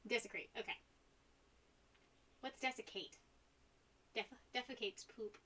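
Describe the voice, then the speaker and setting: A woman's voice: on the high side, expressive, normal speed, bright, forceful tone, slight background noise. A young woman chatting casually on a live stream while she paints, rambling and giggling between topics. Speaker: art streamer.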